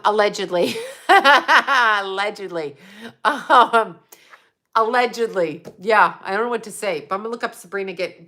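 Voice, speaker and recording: A woman's voice: lowish voice, bright, forceful tone. A woman hosting a show, ranting bluntly and profanely in an agitated, casual way. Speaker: host.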